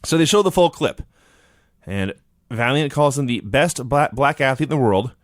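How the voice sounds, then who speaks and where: A man's voice: medium pitch, expressive, normal speed, dry recording. A man co-hosting a podcast, retelling events in casual chat with dry understatement. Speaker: podcast co-host.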